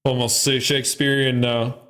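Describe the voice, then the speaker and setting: A man's voice: mid-range voice, level tone, moderate pace, a bit bright. A man hosting a podcast in casual chat, loose and profane, laughing often. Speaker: podcast host.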